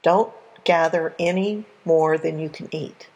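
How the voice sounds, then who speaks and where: A woman's voice: low voice, fairly even intonation, measured pace, a little mellow, slightly rough, lo-fi sound, full character voice. A woman doing Moses, stern and weary. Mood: firm.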